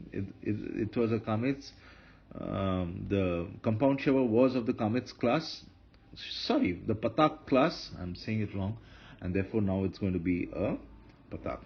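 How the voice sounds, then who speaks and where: A man teaching a grammar lesson, explaining step by step with fillers and self-corrections. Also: fairly low pitch. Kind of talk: lecture. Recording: dull lo-fi lecture recording with faint noise.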